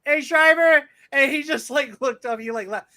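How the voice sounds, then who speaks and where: A man's voice: extremely high pitch, brisk. A man co-hosting a casual podcast, telling rambling, profane stories. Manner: rambling, profane, animated storyteller. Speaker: podcast co-host. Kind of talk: casual chat, anecdote telling.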